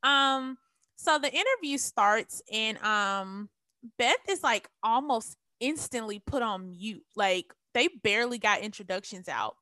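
A woman casually recapping a TV episode, animated and acting out the characters' lines as she tells it. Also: a little high, a little slow, dry recording. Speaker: TV recap podcast co-host.

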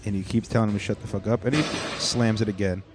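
A man's voice: lowish voice, steady tone, fast, noisy background. Laid-back, profane podcast host man. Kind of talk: casual reaction commentary.

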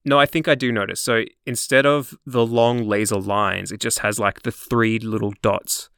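A man's voice: on the low side, steady tone, moderate pace, gravelly, a bit bright, clean tone, no room sound, clean studio sound. An Australian man co-hosting a podcast in casual chat, laughing often and talking with many fillers. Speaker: podcast co-host.

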